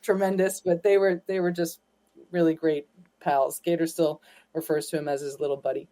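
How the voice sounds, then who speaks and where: A woman's voice: low-pitched, flat delivery, normal speed. A woman guest on a talk show, telling family stories with easy laughter. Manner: warm, laughing anecdotes. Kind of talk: casual interview storytelling.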